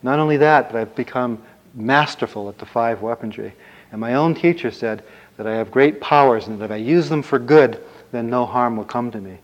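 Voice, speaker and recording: A brave young prince from a told folk tale, full of bold boasts and defiant threats, voiced by a man. His voice sits at a middle pitch. The recording sounds dull and lo-fi. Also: moderate pace, lightly acted. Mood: proud.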